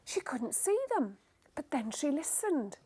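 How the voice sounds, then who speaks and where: A woman teacher telling a phonics story to young children, slow, animated and encouraging. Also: high-pitched.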